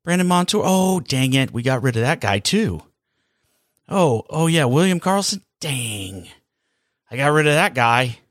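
A man putting on a high, taunting voice as a mocking male team staffer. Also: sing-song, unhurried, dry recording, studio quality. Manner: taunting, sing-song.

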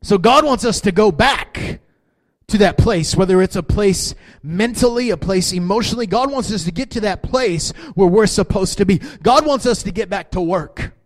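A man preaching a sermon, swinging from quiet talk to shouting. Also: high-pitched, moderate pace. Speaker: pastor.

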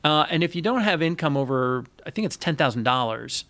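Higher-pitched man explaining finance. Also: lively intonation, a little fast, a bit bright. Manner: explanatory, reads quotes aloud with emphasis. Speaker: podcast co-host, financial advisor. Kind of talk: casual finance podcast chat.

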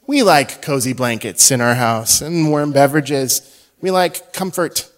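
A middle-aged man preaching a sermon as a pastor, telling a story and swinging between hushed and loud delivery. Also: mid-range voice, lively intonation, normal speed.

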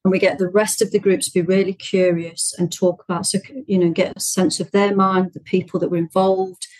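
A woman therapist as an interview guest, explaining her methods in a measured, encouraging way. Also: medium pitch, level tone, a little mellow, no room sound, poor audio. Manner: measured, explanatory, encouraging, frequent agreeing murmurs. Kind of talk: interview answers.

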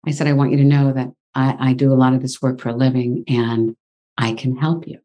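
A woman guest in an interview, telling a personal story in a lively, exclaiming way. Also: extremely low pitch, fairly quick, muffled recording. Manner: animated, exclaims often.

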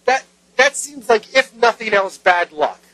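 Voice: mid-range voice, expressive, unhurried, fairly bright tone, no room sound, rough recording. A pastor voicing uneasy soldiers who stammer that they will not kill a priest. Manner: stammering, unsure, trailing off. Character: hesitant, uneasy crowd of soldiers.

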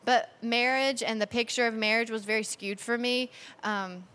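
A woman in her thirties talks to an audience about married life in a loose, chatty way. Her voice is fairly high and very bright, and she laughs through her stories. When she quotes herself, she jumps higher and louder. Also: moderate pace, long reverb tail. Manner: chatty, animated, laughs while telling stories. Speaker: speaker sharing marriage advice. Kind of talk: personal talk to an audience.

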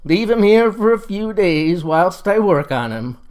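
A tart, suspicious old country woman who doctors folk with leeches and poultices, as a storyteller puts her on. Her voice sits a notch higher than the telling around it, and she delivers her odd cures with flat certainty. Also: a little slow, clean tone. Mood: matter-of-fact. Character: cranky wizened old backwoods woman healer.

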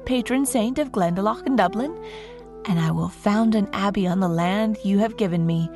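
A woman's voice: medium pitch, normal speed, music in the background, natural voice. A woman doing a sly, self-assured young saint. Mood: confident, sly. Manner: bold, teasing, self-assured. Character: cheeky young man who is secretly a saint.

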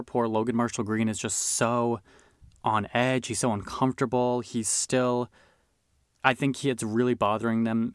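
A man's voice: on the low side, dry recording, studio quality. A man hosting a film podcast, talking casually and enthusiastically with lots of fillers. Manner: chatty, enthusiastic, filler-heavy. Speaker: podcast host reviewing films. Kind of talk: casual chat.

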